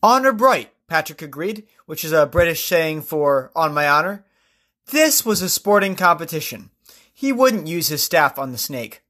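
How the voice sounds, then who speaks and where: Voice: medium pitch, big pitch swings, normal speed, a bit bright. A podcast storyteller retelling legends, breaking in with casual asides to the listener. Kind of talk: storytelling narration.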